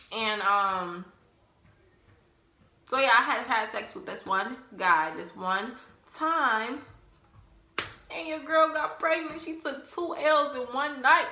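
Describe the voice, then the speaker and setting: A young woman tells a personal story in a loose, profane, storytime way. Her voice is bright and forceful. It sits at a middle pitch and echoes in a roomy space. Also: creaky. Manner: blunt, laughing, cussing freely. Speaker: vlogger. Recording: roomy echo.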